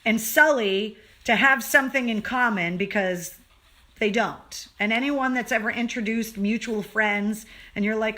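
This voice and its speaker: A woman hosting a casual livestream, telling a story with lively acted-out dialogue that rises to excited, loud outbursts. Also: mid-range voice, moderate pace. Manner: animated, acts out dialogue, gets loud and excited. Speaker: host. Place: home, on a live stream.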